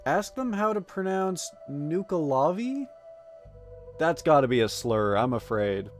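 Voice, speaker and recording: On a live stream, a man chats casually while gaming, joking with his chat and reading game text aloud. His voice is a touch high for a man, very animated but a little slow, with soft game music playing faintly underneath.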